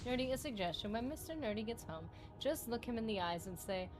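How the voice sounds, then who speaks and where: A woman's voice: fairly high pitch, lively intonation, a little fast, hardly any pauses, faint music behind. A woman livestreaming a video game, chatting with her viewers in a giggly, rambling and playful way, teasing them and her partner. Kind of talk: casual gaming livestream chat.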